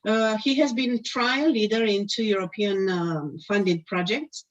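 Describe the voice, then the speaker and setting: A woman introduces a conference panel over a video call, stopping and restarting often with plenty of fillers. Her voice sounds a bit worn, as if she is losing it. The audio is dull and lo-fi. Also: medium pitch. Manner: halting, many fillers and restarts. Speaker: conference host. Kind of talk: hesitant live introduction.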